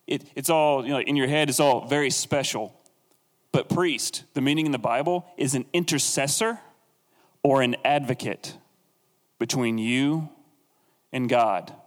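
A man's voice: medium pitch, a little slow, long pauses. Chatty man preaching in an echoey hall. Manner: chatty, jokey asides, acts out quotes. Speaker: Bible teacher. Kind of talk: casual conversational sermon.

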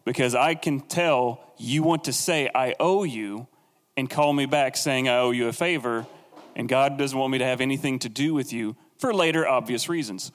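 A man's voice: mid-range voice, moderate pace, in a large hall, lightly acted. A man voicing a loyal man who bluntly and firmly refuses a shady deal, in a near-plain voice. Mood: firm refusal.

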